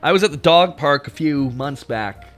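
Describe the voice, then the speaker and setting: A man from Canada streaming live, answering chat and ranting with a lot of swearing and big jumps in loudness. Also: a little high, expressive, normal speed, faint music behind. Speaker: VTuber streamer. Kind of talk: livestream chat rant.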